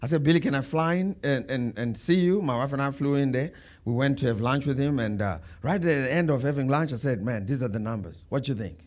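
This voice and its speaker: A pastor preaching a sermon, telling stories and building to emphatic bursts. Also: male voice, mid-range voice, a little fast, a little mellow.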